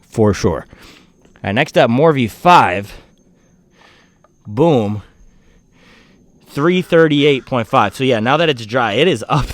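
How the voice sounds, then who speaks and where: A man reviewing running shoes in a loose, slangy way, tossing in jokes between his points. His voice sits at an everyday middle pitch. The recording is close and dry, with no room echo. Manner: laid-back and slangy, joking asides. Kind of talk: casual product review.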